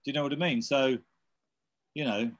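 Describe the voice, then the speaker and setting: A man in his fifties chats casually in an interview. He rambles and restarts, pads his talk with fillers, and speaks at a middle pitch. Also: steady tone, fairly quick, lo-fi sound. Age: 50s. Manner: rambling, many fillers and restarts, laughs while telling stories. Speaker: interviewee, electronic musician. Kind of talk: casual chat.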